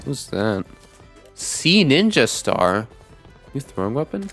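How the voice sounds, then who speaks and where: A young man of average pitch narrates his game run for an online audience. He teases himself and turns loud and pleading when a fight goes badly. Faint music plays beneath his voice. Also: measured pace. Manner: excitable, shouts and pleads during fights; talks to chat, self-deprecating. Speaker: gaming YouTuber. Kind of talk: let's play with voice-over narration.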